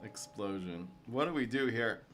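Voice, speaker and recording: A man with a New York accent giving excitable live commentary on a card game as he streams, talking to his chat. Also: on the low side, normal speed, faint music behind. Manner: excitable, talks to chat, bursts of exasperated laughter.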